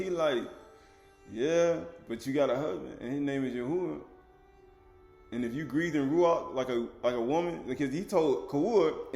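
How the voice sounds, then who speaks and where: A man's voice: medium pitch, normal speed, darkish tone, soft background music. Man preaching in an echoey room. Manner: preaching with rising emphasis and rhetorical questions; colloquial, acts out quoted speakers. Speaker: teacher. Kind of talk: sermon.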